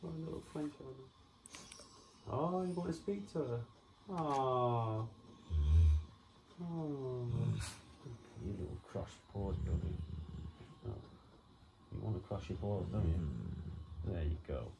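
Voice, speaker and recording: Home-video mum, low, unhurried voice, coaxing pet talk. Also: female voice, lively intonation, noisy background. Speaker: dog owner and new mother filming at home. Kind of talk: home video, talking to her dogs. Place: family home.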